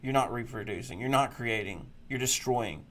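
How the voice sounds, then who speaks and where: A man's voice: mid-range voice, moderate pace, a bit bright. A man hosting a political talk show, ranting crudely and mocking people in sneering put-on voices. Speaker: podcast host.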